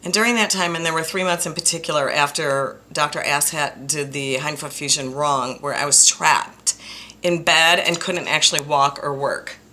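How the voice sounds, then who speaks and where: Woman, counselor, low voice, forceful tone, frank, blunt, repeats for emphasis. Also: normal speed. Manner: frank and blunt, openly emotional; emphatic, repeats phrases for stress. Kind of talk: direct-to-camera personal talk.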